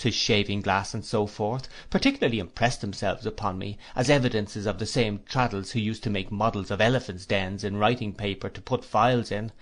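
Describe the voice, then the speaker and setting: Man reading a classic novel aloud. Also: on the low side. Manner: measured, even storytelling. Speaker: audiobook reader. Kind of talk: scripted narration of a classic novel.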